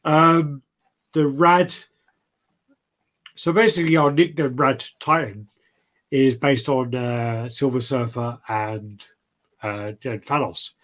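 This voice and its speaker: A man's voice: mid-range voice, takes it slowly, long pauses, a bit bright. Sweary man in casual chat. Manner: swears freely, trails off with fillers. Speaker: co-host of a collectibles chat show.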